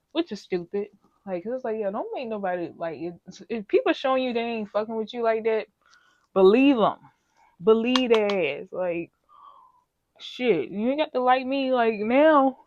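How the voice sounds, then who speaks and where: A woman's voice: on the high side, no room sound, highs cut off. A young woman vlogger telling a story in casual chat, rambling and candid, with lots of filler and profanity.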